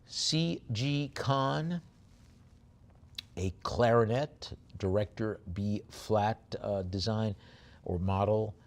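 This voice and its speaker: A man's voice: fairly low pitch, takes it slowly. A man working as an auctioneer at a live sale, describing each lot with chatty, rambling asides and then rattling off bid calls.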